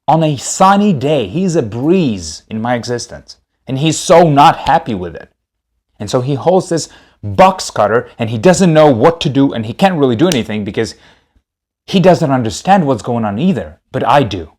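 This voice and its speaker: A man's voice: mid-range voice, big pitch swings, moderate pace, a little mellow. A man telling a comedic story on a podcast, rambling and repeating himself.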